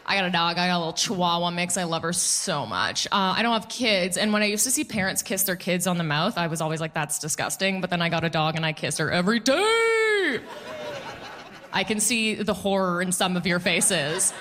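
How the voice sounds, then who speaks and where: A woman's voice: on the low side, very animated, fairly quick, fairly bright tone. A woman performing a stand-up comedy set, chatty and sarcastic, often laughing at her own jokes. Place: comedy club stage before a live audience.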